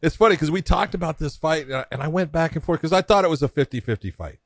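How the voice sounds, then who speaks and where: A man's voice: a little high, fast, no room sound. A middle-aged man co-hosting a fight podcast, breaking down a bout in a laid-back, casual chat. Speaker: podcast co-host.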